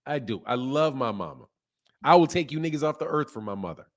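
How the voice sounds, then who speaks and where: A boxing host with a slightly high voice talks a little fast during a casual live stream. Energetic and slangy, he reads out chat comments and reacts to them.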